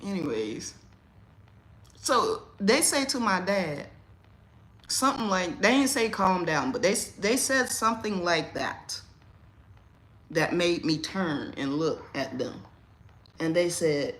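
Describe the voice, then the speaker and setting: On a casual livestream, a woman host tells a story slowly, leaving long pauses. She's animated, and her voice climbs loud and high whenever she gets riled up.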